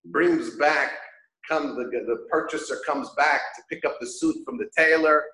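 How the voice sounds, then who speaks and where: A man teaching a Torah class, an animated storyteller who acts out the characters of his parables. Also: mid-range voice. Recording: echoey room.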